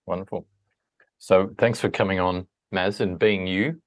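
A man's voice: deep voice, steady tone, a little slow. A man hosting a podcast interview, asking questions and wrapping up in a friendly, reflective manner. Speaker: podcast host. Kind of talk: interview hosting, closing narration.

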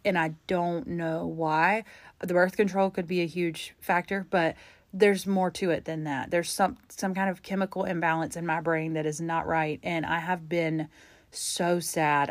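A young adult woman hosts a solo podcast in a fairly low voice, recorded with no room sound. She talks openly and confessionally, rambling with fillers while holding back tears.

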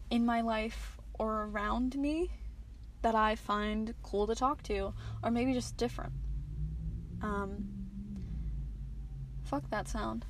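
Solo podcast host, American woman, late teens, slightly higher pitch, loose and profane, lots of restarts, recording from a car. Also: slight background noise, low-quality recording. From United States. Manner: candid, swearing, rambling with restarts. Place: inside a parked car.

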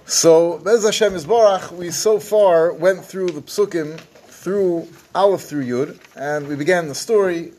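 A man's voice: high-pitched, unhurried, mellow, slight background noise. A man teaching a weekly Torah class, explaining verses phrase by phrase and mixing in Hebrew and Yiddish terms.

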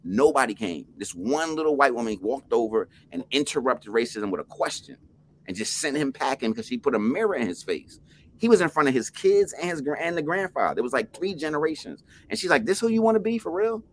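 Animated middle-aged man telling a story. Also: mid-range voice, brisk, slight background noise. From New Jersey. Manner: animated, emphatic storyteller with frequent restarts and "right?". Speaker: guest. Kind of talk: storytelling in a podcast interview.

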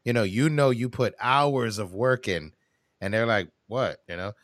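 A man's voice: fairly low pitch, lively intonation, normal speed, a bit bright, no echo. Male podcast host, chatty and playful, cuts in often, dry close studio sound. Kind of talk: casual chat.

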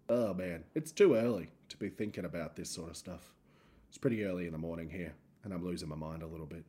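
A man's voice: medium pitch, a little mellow. An Australian man hosting a solo comedy podcast, talking in a rambling, self-mocking way with jokey asides.

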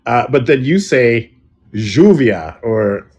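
American male host, middle pitch; casual and joking, with lively, friendly questions. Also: normal speed, lo-fi sound. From United States. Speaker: podcast host. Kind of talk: casual interview chat.

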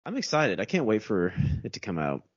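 A man's voice: fairly low pitch, a little fast, muffled recording. A man co-hosting a casual movie commentary podcast, joking and laughing with his co-hosts. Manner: wildly expressive, laughing. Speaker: podcast co-host.

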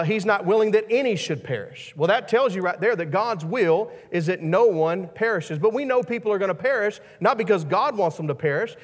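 Brief: male preacher with a high voice, conversational sermon, stumbles and repeats, long hall echo. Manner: repeats words as he restarts, asks the listeners questions.

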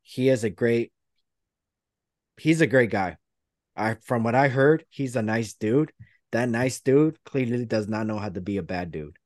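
A man's voice: mid-range voice, lively intonation, measured pace, no echo, clean studio sound. A man hosting a podcast, rambling through a play-by-play retelling in casual chat. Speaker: podcast host.

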